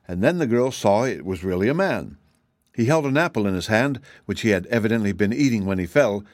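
A man narrating a children's storybook aloud with an expressive reading style. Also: medium pitch, dry recording, studio quality. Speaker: audiobook narrator.

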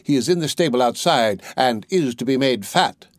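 A man's voice: mid-range voice, animated, normal speed, no room sound, clean studio sound, close to an everyday voice. A man voicing a wicked old witch, mocking and menacing. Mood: commanding.

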